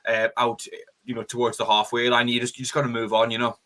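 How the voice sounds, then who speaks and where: A man, co-hosting a fan stream, reading out viewer comments in a relaxed way with lots of fillers. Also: mid-range voice, fast. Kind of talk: casual fan chat.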